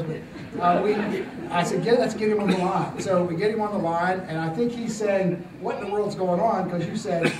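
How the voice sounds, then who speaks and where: Older guy giving a church testimony, kinda high voice, lots of ums and restarts, echoey hall, mic a bit far off. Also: noisy background. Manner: halting, many fillers and restarts, gently amused. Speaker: church speaker telling a testimony. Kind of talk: storytelling testimony to a congregation. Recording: roomy church recording from off-mic with faint ambience.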